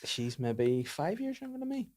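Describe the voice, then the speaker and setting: A man's voice: fairly high pitch, sing-song, moderate pace, a little mellow. A middle-aged man hosting a podcast, telling rambling, jokey stories in casual comedy chat. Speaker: podcast host.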